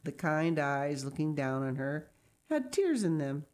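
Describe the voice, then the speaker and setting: A woman reading a children's book aloud, pausing now and then for chatty asides. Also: low voice, sing-song, darkish tone. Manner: reads slowly, stops to comment and cough. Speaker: reader.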